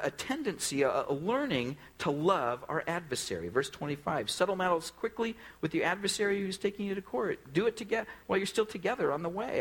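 A man's voice: high voice, fairly bright tone, breathy edge, poor audio. A male pastor preaching a sermon in a conversational way, often putting direct questions to the congregation.

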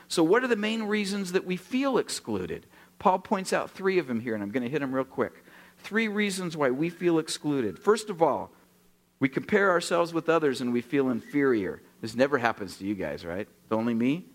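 At normal speed and on the high side in pitch, a sixty-something pastor from Oregon preaches a sermon. He tells his stories with flair, voicing the dialogue himself and joking with the congregation.

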